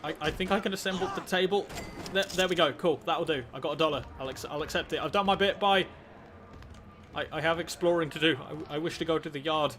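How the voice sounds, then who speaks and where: A man's voice: fairly high pitch, quick pace, fairly bright tone, slight background noise. A man hosting a gaming video, giving dry, wry let's play commentary and often stammering and restarting his sentences.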